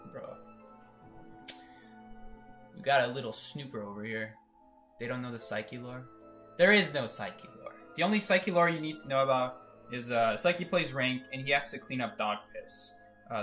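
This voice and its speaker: Lively bright-voiced male game streamer. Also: medium pitch. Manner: chatty, joking, laughs often. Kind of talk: casual live-stream gameplay commentary.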